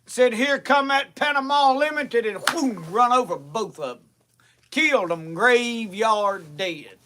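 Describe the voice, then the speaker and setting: A man's voice: very high-pitched, animated, measured pace, background noise. A man from the American South, telling a folksy tall tale in a drawl, stringing lines together with "said" and chuckling. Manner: drawling, repeats "said" constantly, chuckling. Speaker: storyteller. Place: live show stage.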